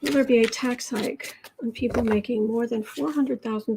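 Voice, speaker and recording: A woman hosting a live tarot reading, musing aloud over the cards and answering chat in halting, drawn-out phrases. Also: fairly high pitch, fairly even intonation, vocal fry, background noise. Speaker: tarot reader and channel host.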